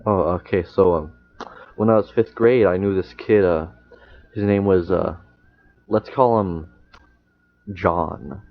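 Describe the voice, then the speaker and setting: A young man with a lowish voice tells a rambling story in casual podcast chat. He halts often, filling gaps with "uh" and "you know" and restarting sentences. The recording sounds muffled and lo-fi. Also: dry recording. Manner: halting storyteller, many fillers and restarts. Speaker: podcast guest.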